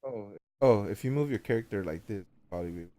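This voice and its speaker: Male game master, low mellow voice, casual, halting narration. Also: expressive, no room sound. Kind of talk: narrating an online tabletop game.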